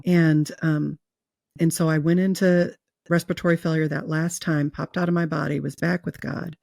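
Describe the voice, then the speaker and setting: Woman guest, heartfelt storyteller, gravelly fry in her voice, close and dry. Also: sits low, little pitch movement, normal speed, darkish tone, no echo. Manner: earnest, emotional, with fillers and restarts. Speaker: guest telling her near-death experience. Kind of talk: personal storytelling in an interview.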